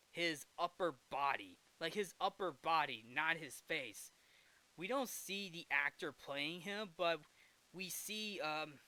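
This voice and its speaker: A man's voice: a little high, pushed and bright. A man hosting a casual film review, rambling through the plot with frequent self-corrections and restarts. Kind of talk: casual movie recap.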